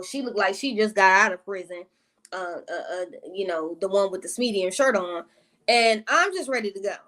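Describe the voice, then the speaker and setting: A woman vlogger telling a casual storytime, profane and exasperated, with slangy asides and quick greetings to her viewers. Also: mid-range voice.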